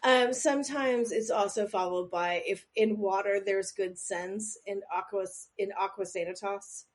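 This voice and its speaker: A woman's voice: mid-range voice, steady tone, a little slow. A woman co-hosting a podcast, running a quiz in a rambling, self-deprecating way with jokey asides, sometimes leaning back from the microphone. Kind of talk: casual podcast chat.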